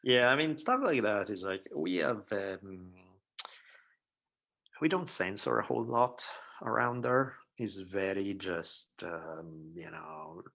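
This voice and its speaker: A man's voice: fairly low pitch, lively intonation, slow, creaky, fairly bright tone. A man in his forties with a heavy Italian accent, a podcast guest chatting casually and telling stories with blunt, profane asides. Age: 40s. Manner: laid-back, profane storytelling with acted-out quotes. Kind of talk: casual chat.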